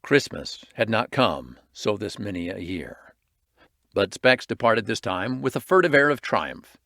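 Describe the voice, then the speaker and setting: Man narrating with a lively voice. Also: lowish voice, unhurried, vocal fry, no echo, clean studio sound. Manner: expressive, varied reading. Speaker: audiobook reader. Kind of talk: storybook narration.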